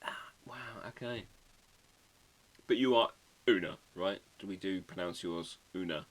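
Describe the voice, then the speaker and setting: A man hosting a casual livestream, chatting with viewers and reading their comments while he draws, often muttering quiet asides. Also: sits low, measured pace. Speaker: livestream host drawing a card. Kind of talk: casual live-stream chat.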